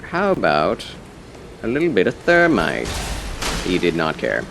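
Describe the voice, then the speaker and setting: A man streaming a game live, chatting casually and politely with his viewers, with quick laughs and muttered asides. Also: sits low, huge pitch swings, creaky, background noise. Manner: chatty, answers chat, playful and polite.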